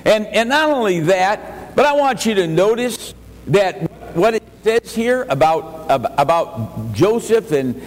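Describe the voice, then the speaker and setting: A male pastor preaching a sermon in a church, emphatic, rising to raised exhortation and dropping to quiet earnest asides, often repeating words as he restarts. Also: high voice, big pitch swings, measured pace. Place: church sanctuary. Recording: long church reverb, faint ambient noise.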